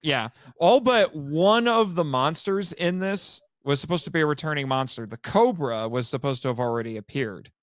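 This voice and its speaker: Fairly high-voiced guy hosting a podcast, talks in loose rambling bursts, keeps correcting himself, laughs a lot, dry close sound with no room. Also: lively intonation, normal speed, hardly any pauses, no echo. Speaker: podcast host. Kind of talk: casual chat.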